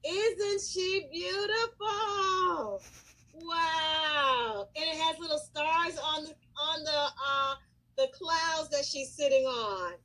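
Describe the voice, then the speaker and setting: A middle-aged woman, a school counselor, casually telling a lively story to the camera. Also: high voice, slow, poor audio. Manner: animated, lively storyteller who breaks into excited shouts and acts out quotes.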